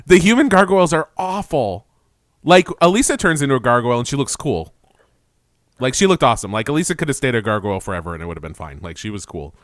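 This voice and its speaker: Male podcast co-host, chatty and giggly, very expressive pitch, dry close mic. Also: fast talker, no room sound. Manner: rambling, laughing, quoting characters in goofy voices. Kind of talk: casual chat recapping a cartoon.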